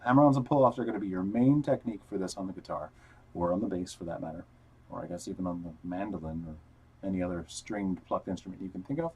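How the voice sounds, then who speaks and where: Low-voiced man teaching guitar, casual. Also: fast, a little mellow, slight background noise, low-quality recording. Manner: casual, explains step by step while playing, counts notes aloud. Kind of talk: live-streamed guitar lesson. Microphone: headphones on, wired mic. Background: guitar playing.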